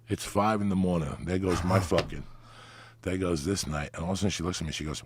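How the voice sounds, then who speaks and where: A man's voice: low voice, fairly even intonation, quick pace, husky. A middle-aged man, telling a crude story in casual talk and laughing through it. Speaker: comedian guest.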